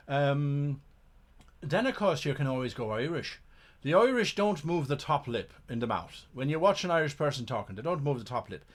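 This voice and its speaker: An Englishman with a medium-pitched voice hosts a casual live Q&A as a game master. He reads chat questions aloud in a chatty, enthusiastic way, often repeating words while he thinks.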